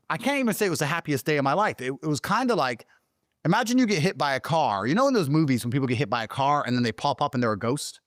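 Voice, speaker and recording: A man telling a story as an interview guest, swearing constantly and talking with animated, emphatic energy, his voice jumping higher when he gets excited. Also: racing, dry recording, clean studio sound. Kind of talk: profane storytelling in conversation.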